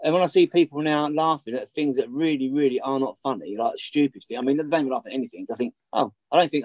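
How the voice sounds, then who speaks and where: A man's voice: medium pitch, fast, few pauses, darkish tone, no echo. A middle-aged man talking as a podcast guest, telling stories candidly and bluntly, swearing often and repeating his points for emphasis. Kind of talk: candid conversational storytelling.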